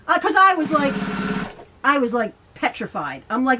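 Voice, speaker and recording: A woman's voice: sits high, sing-song, normal speed. A middle-aged woman teaching quilting in her home sewing room, chatting and rambling as she sews and laughing often. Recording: sewing machine noise behind her. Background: sewing machine.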